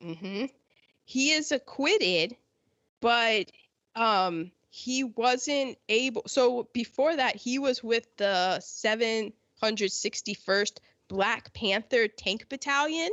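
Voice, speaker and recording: A woman's voice: on the high side, animated, slow, a bit bright, dry recording. An American woman hosting a casual history chat, sarcastic, often mocking people in quoted voices. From United States. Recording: dull lo-fi sound.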